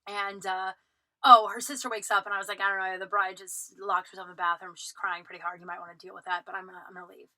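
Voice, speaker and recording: Bright, sharp-voiced woman telling a story. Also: mid-range voice, quick pace, no room sound, poor audio. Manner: animated retelling, acts out quotes, frequent "like" fillers, swears freely. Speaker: podcast host. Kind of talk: casual storytelling monologue.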